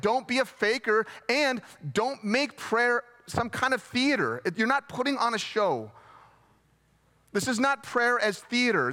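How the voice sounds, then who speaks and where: Male pastor, sermon delivery: slightly high and bright, easygoing, gently pokes fun at himself. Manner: conversational, repeats key phrases for emphasis; self-deprecating, gently humorous.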